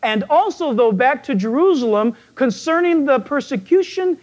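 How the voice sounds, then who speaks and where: Preaching in a homespun style, this pastor jokes around and asks his congregation questions. His voice is very high and frog-like in its croakiness, expressive, and moves at a normal speed.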